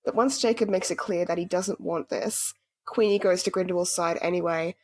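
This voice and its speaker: A woman's voice: on the low side, a little fast, darkish tone. A woman co-hosting a podcast, chatting casually and freely with lots of "like" and the odd swear word. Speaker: podcast co-host.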